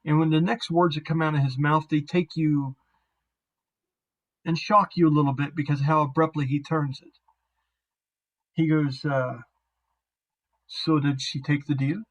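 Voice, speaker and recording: Higher-voiced man running a tabletop game. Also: fairly even intonation, normal speed, pauses often, muffled recording. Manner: rambling, self-deprecating. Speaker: game master. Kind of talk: narrating a tabletop game over a voice call.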